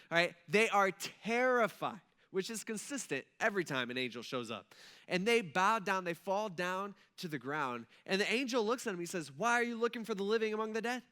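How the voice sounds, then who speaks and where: Casual, high-voiced young pastor. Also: male voice, bright, forceful tone. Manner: casual, joking storyteller with lots of fillers. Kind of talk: conversational sermon.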